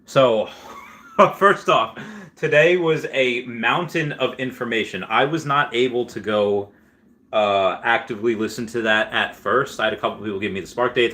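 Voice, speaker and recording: A man's voice: mid-range voice, bright, forceful tone. A man hosting a casual vlog, rambling with many fillers and restarts and frequent chuckles. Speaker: gaming and crypto video host.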